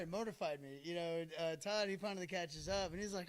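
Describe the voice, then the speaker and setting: A man in his thirties chats on a podcast, rambling through a story with plenty of fillers and bursts of laughter. His voice sits a little higher than most men's. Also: fairly quick, hardly any pauses. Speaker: podcast host. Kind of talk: casual storytelling chat.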